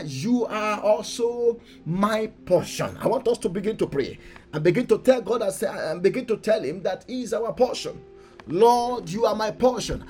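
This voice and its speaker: A man with a high-pitched voice preaches and leads a congregation in fervent prayer, moving between calm teaching and loud exhortation.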